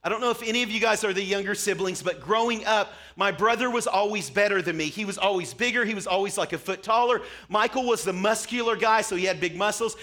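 A young pastor with a high-pitched voice preaches to his congregation in a church sanctuary at a quick pace with few pauses. He tells stories with animation, acting out his childhood self.

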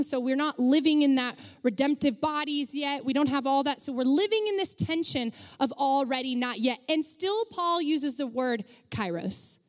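A young woman preaching a casual storytelling sermon, chatty and self-deprecating, with lots of filler words. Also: a little high. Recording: long reverb of a large hall.

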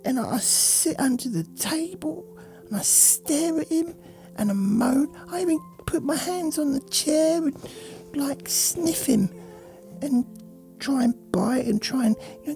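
A man voicing a bored, whiny male pet dog that complains in a breathy half-whisper. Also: very high-pitched, big pitch swings, takes it slowly, darkish tone, soft background music, voice pushed up, heavily acted.

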